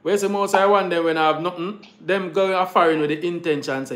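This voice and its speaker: A man's voice: high voice, steady tone, quick pace, hardly any pauses, a bit bright. A Jamaican man chatting casually in patois, agreeing readily and telling stories. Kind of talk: casual chat. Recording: roomy echo.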